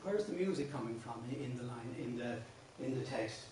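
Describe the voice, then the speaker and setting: Speaking fairly quickly, an Irish man with a darkish, mid-range voice and lively intonation runs a classroom song workshop. He's patient as he explains verse patterns, restarting often and breaking into song. A distant room mic records him off-mic in heavy echo, with a little hiss or hum.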